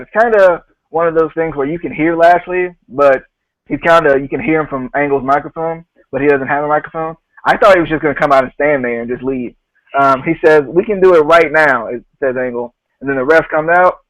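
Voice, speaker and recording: A man's voice: on the high side, no room sound, highs cut off. A man hosting a podcast, casually retelling a show and laughing often as he quotes people. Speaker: podcast host.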